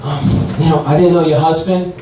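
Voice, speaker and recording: A man in his sixties telling stand-up jokes in a deadpan style, putting on higher voices for the people in his stories. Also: fairly quick, a little hiss or hum. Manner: deadpan one-liners, voices others in a higher pitch. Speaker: stand-up comedian. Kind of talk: stand-up comedy set. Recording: echoey club, voice from far off.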